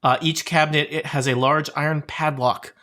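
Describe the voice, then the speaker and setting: A man's voice: on the high side, steady tone, moderate pace, bright, forceful tone. A man narrating as game master of a tabletop game, joking and chuckling between his descriptions.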